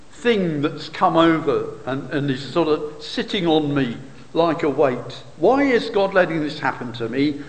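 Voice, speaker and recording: A man delivers a sermon at an unhurried, measured pace, walking through scripture and posing rhetorical questions. His voice sits high and swings widely in pitch. The long reverb of a large hall trails after his words. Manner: expository, rhetorical questions, occasional fillers. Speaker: preacher.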